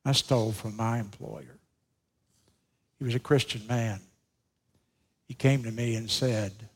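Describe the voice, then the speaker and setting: A man preaching a sermon, telling stories slowly and with emphasis. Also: lowish voice, fairly even intonation, slightly rough. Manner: slow, emphatic storytelling preacher. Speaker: pastor.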